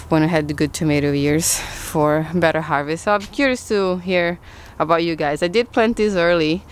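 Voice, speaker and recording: Low-voiced woman chatting on a garden tour. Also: slight background noise. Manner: chatty, thinks aloud with restarts, addresses viewers. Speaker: gardening vlogger. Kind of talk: casual garden tour chat. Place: outdoor backyard garden.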